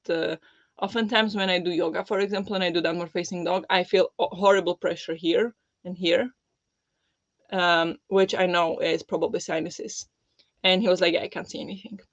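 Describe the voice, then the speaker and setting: A streamer chatting casually at home, keeping the voice low and soft because of a sore, swollen throat. The sound is dry and a little muffled, and the voice sits at a middling pitch. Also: dry recording. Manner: talking softly with a held-back, lowered voice. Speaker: livestream host. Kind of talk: casual chat with viewers.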